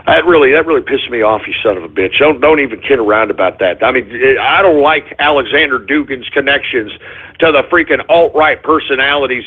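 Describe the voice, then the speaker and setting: A man hosting a talk radio show, ranting and swinging from calm talk to angry shouting. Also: mid-range voice, brisk, husky. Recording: muffled phone-like internet radio audio.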